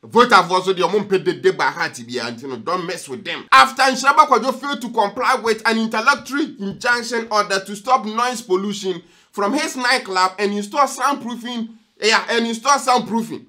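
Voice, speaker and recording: A young Ghanaian man hosting a news reaction vlog, lively and jokey, switching between languages as he talks. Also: high voice, a little fast. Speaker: vlog host.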